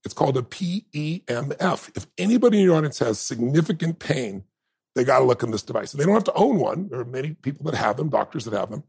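A man in his fifties with a gravelly, husky voice tells his story as a podcast guest. He acts out what other people said and laughs along the way. His pitch sits in an ordinary middle range. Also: big pitch swings, fast, darkish tone. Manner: acts out quoted dialogue, laughs often. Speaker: interview guest. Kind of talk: animated storytelling in conversation.

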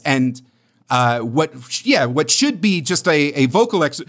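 A young adult man co-hosting a casual podcast, telling stories in an animated, rambling way. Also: a little high, unhurried. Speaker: podcast co-host.

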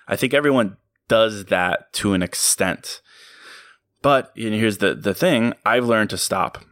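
A low-voiced man talks straight into a close mic, delivering a motivational podcast monologue. He sounds earnest and reflective and chuckles at himself from time to time. The sound is dry and close, with no room around it. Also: a bit bright, dry recording. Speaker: podcast host.

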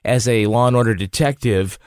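A man's voice: medium pitch, a little fast, smooth, no room sound, studio quality. A man hosting a podcast in casual, playful chat, laughing easily. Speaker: podcast host.

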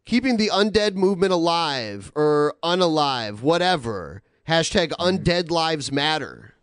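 Smooth-voiced man hosting a chat show. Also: on the high side, animated, unhurried, a bit bright, no echo, studio quality. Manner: rambling, reads messages aloud with filler words. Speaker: podcast host. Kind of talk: casual chat, reading donations.

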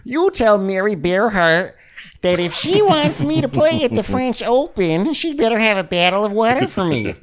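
A man voicing a chipper, gossipy Midwestern woman in a high, sing-song falsetto. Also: very animated, normal speed.

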